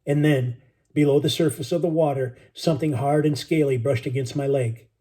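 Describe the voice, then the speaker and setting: Man narrator for a book reading, steady delivery, husky and mellow tone. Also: mid-range voice, normal speed. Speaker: audiobook narrator. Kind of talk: first-person storybook reading.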